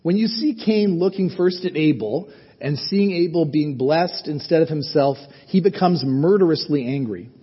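A male pastor delivers a sermon in an earnest, conversational way, putting rhetorical questions to his listeners. His voice sits a little high and sounds husky. The recording is somewhat muffled and carries a long reverb, as from a large hall. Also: normal speed.

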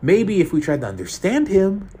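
A meek young woman captive who stubbornly defends herself in a raised, softened voice, as a man puts her on. She sounds cornered but insistent, from a spoken storybook. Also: high-pitched, sing-song, normal speed, slight background noise, voice pushed up. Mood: defensive.

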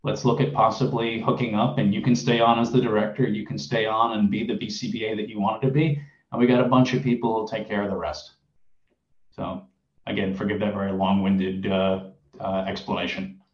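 A man's voice: on the low side, flat delivery, fairly quick. Earnest guy rambling a bit on a panel, echoey and kinda muffled. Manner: earnest, emotional, long-winded. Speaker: owner of a behavior analysis clinic. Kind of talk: panel discussion.

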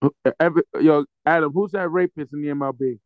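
A man co-hosting a sports podcast speaks a little fast in a highish voice with a steady tone, ranting furiously with swearing and joking threats. The casual recording is dry, dull and lo-fi, without echo.

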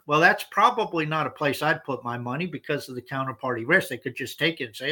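A man's voice: fairly high pitch, fast talker, bright, forceful tone. A man co-hosting a casual podcast, explaining points emphatically and often repeating words as he restarts. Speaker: podcast co-host.

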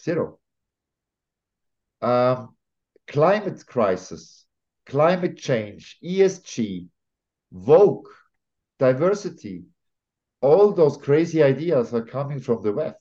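A man from Switzerland, speaking as a guest on an interview podcast in an emphatic, opinionated way, often pausing with fillers and restarting sentences. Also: mid-range voice, mellow. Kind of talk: conversational interview. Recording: slightly dull lo-fi audio.

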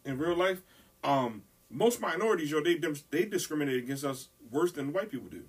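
A man talking fast and loose in a casual chat, his voice husky and set back from the mic. He is an animated storyteller who swears freely and throws himself into voicing the people in his stories. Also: on the high side, far from the mic.

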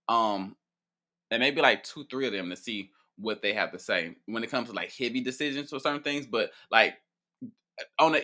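A man with a bright, forward voice talks loosely and profanely, answering viewer questions as a priest. His delivery is playful and animated, full of laughter and stumbling restarts. He keeps it casual and mid-pitched. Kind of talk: casual chat.

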